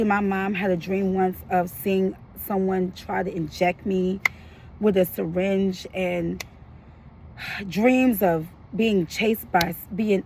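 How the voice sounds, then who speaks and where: Gravelly-voiced woman in her thirties venting. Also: medium pitch, darkish tone, slight background noise, low-quality recording. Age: 30s. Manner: emotional, frank, slangy and frustrated. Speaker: vlogger. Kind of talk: candid personal vlog.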